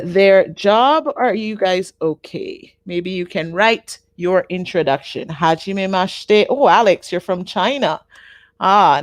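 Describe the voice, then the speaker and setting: Woman teacher on a live class, goes slow, repeats stuff, dry close mic. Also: medium pitch, no echo. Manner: slow, patient, repeats words for learners. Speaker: online Japanese teacher. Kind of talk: live online language class.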